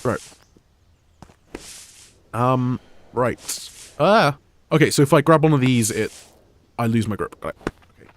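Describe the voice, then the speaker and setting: A man's voice: medium pitch, unhurried, long pauses. A young British man with an English accent that has Scottish touches, rambling casually as he streams a game. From United Kingdom. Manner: rambling, many fillers and restarts. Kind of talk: casual gameplay chat.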